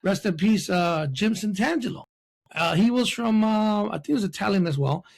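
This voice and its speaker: A man hosts a casual podcast with a high-pitched voice that is husky and rough with fry. He tells his stories in an easygoing, profane way. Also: expressive, moderate pace. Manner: laid-back, profane storytelling. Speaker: podcast host.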